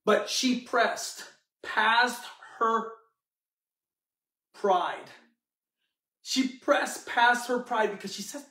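A man's voice: extremely high pitch, drawn-out words, pauses often, sharp tone, recorded from a distance. A man preaching a sermon, telling the story dramatically and acting out the characters. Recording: echoey room, mic from afar.

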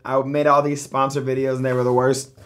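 A man talking straight to camera in a casual confessional vlog, animated and profane, swinging from loud outbursts to low mutters. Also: fairly quick, noisy background. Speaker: YouTuber.

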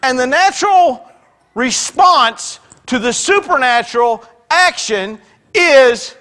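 High-voiced man preaching a sermon. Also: animated, slow, bright, forceful tone. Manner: conversational preaching with joking asides; retells scripture in his own everyday words. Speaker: pastor. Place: church sanctuary.

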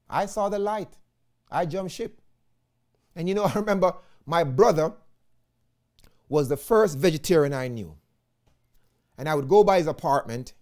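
Lively Jamaican evangelist preaching. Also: male voice, fairly high pitch. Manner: animated preaching, often addresses listeners as "friends", slips into patois. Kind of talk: sermon.

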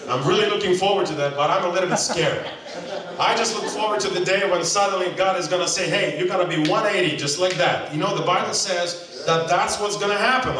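A man preaching at a seminar, animated, breaking into loud mock calls and quizzing his audience. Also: a little high. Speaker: seminar speaker. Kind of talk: sermon. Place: hotel hall. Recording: very echoey hall, mic far off.

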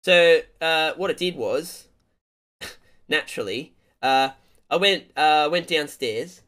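A man streaming a game, rambling through a comic story for his chat in a playful way with loud excited bursts. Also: a little high, takes it slowly.

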